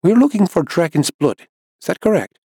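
Eager, earnest companion who blurts things out, higher and keener, as a man reads him, dry close sound. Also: big pitch swings, moderate pace, dark tone, husky, no echo, exaggerated voice.

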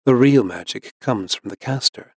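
A man reading the lines of a composed older woman herbalist who speaks in an even, unhurried tone. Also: mid-range voice, husky, dry recording, clean studio sound, close to an everyday voice. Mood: cool.

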